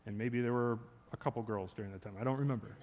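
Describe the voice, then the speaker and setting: A man's voice: mid-range voice, fast talker, dull audio, noisy background. A man preaching a sermon, telling a personal story with jokes for the congregation. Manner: animated, joking with the congregation. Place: church sanctuary. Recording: church hall reverb.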